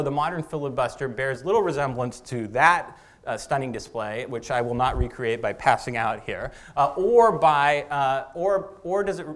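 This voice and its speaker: A man giving a lecture as an author, halting, with many restarts and fillers. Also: medium pitch. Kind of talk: public lecture on policy.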